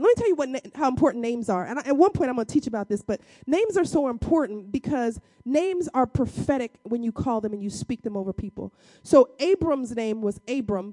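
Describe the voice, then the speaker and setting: A woman preaching a sermon in a conversational, emphatic way, acting out biblical dialogue in casual speech and using dramatic pauses. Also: a little high, mellow, dry recording.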